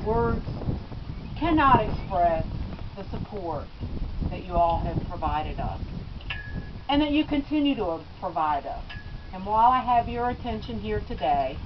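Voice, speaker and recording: A middle-aged woman giving a eulogy, telling family stories with gentle laughs. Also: medium pitch, noisy background. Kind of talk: personal eulogy speech. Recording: dull lo-fi recording.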